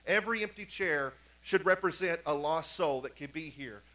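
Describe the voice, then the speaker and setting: Male preacher, high pitched, bright tone, hushed then emphatic, church sermon. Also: moderate pace, poor audio. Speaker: pastor. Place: church sanctuary.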